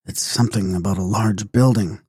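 A man voicing a stout, tipsy middle-aged fortune-teller woman who repeats herself in a slow drawl. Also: on the low side, fairly even intonation, warm tone, husky, dry recording, clean studio sound. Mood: droning. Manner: drawling, repetitive.

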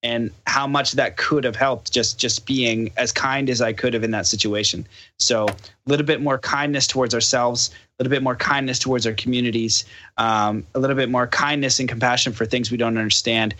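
Bright-voiced man telling a story. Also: mid-range voice, fairly quick. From Canada. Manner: animated, acts out quoted dialogue. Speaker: podcast guest. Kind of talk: casual storytelling.

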